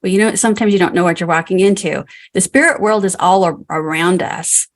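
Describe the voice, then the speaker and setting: A woman's voice: fairly low pitch, brisk. A woman hosting an interview podcast, asking her guests questions in an encouraging way. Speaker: podcast host.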